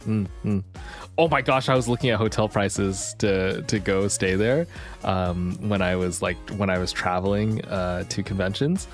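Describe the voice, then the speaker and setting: A man's voice: low voice, steady tone, normal speed, faint music behind. A man hosting a casual live stream, greeting chatters one by one and cracking self-deprecating jokes. He sounds a little out of breath. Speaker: livestream host.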